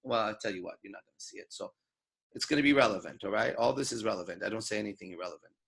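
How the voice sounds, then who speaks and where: A man's voice: on the low side, very fast, gravelly, a bit bright, husky. A man coaching seduction in a crude, emphatic lecture, swearing constantly and acting out his own thoughts. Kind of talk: profane motivational lecture.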